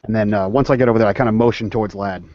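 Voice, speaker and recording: A man playing a tabletop game, tossing in quick questions and asides over a video call. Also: lowish voice, fairly even intonation, darkish tone. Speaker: player. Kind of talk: casual tabletop game play. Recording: dull lo-fi call audio.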